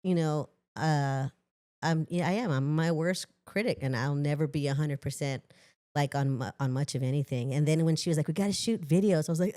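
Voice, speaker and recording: A middle-aged woman from Los Angeles chats casually as a podcast guest, speaking a little fast. Her voice is on the low side, and she's animated and self-mocking, laughing frequently.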